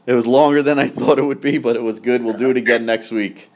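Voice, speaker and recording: A man's voice: medium pitch, fairly even intonation, quick pace. Blunt, assertive man telling a story. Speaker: podcast co-host. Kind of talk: casual chat.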